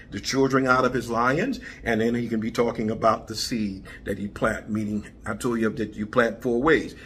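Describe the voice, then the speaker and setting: A pastor preaching a sermon, a man who moves from calm teaching to shouted praise with frequent hallelujahs. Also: slight background noise. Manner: builds from low teaching talk to shouted praise, interjecting hallelujah.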